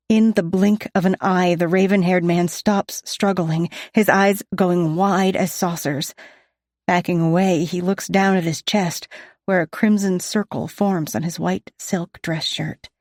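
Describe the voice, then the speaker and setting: A woman's voice: fairly low pitch, a little mellow, dry recording, studio quality. A woman reading a romance audiobook in the first person, with intimate storytelling. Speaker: audiobook narrator.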